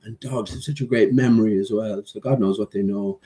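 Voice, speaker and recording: Rambling man with a mellow voice. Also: on the low side, fairly even intonation, fairly quick. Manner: rambling, with many fillers and restarts; playfully scolds his dog between thoughts. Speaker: vlogger. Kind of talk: casual vlog chat.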